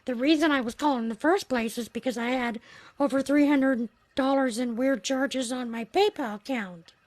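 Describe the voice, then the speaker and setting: A woman with a fairly high voice talks through a personal story on her livestream. She speaks earnestly and reflectively. The sound is dry and close, with no room echo. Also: fairly even intonation, normal speed. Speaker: livestream host. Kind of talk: casual storytelling.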